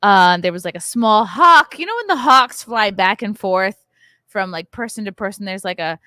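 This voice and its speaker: A woman's voice: medium pitch, expressive, moderate pace, bright, forceful tone, no echo, clean studio sound. A woman in her thirties hosting a podcast from a hotel bar, telling a story in a loose, profane, ranting way. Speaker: podcast host. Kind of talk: casual chat.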